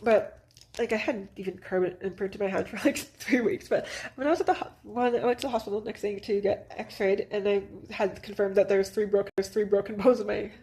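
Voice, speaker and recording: A woman's voice: mid-range voice, fairly even intonation, brisk, warm tone, a little hiss or hum. A woman in her thirties from northern Manitoba tells a personal story casually, rambling with lots of "like" and restarts. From northern Manitoba, Canada. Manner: rambling, heavy use of "like", frequent restarts and nervous laughs. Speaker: vlogger.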